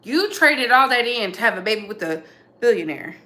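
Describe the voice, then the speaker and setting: High bright-voiced woman spilling celeb tea, sassy, echoey room. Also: big pitch swings, normal speed. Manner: sassy, emphatic, repeats lines for effect. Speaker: commentary channel host. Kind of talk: casual celebrity gossip commentary.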